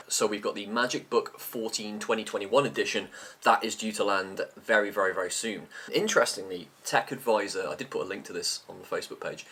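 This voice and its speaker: Chatty man, low voice. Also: a bit bright, slight background noise. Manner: chatty, rambling, talks with mouth full. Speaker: tech vlogger. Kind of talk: unscripted casual chat.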